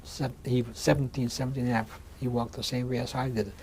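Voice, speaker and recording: A man in his sixties giving a measured oral history testimony in an interview, often restarting and repeating words as he speaks. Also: medium pitch, little pitch movement, a little mellow, a little hiss or hum. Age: 60s. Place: museum interview room.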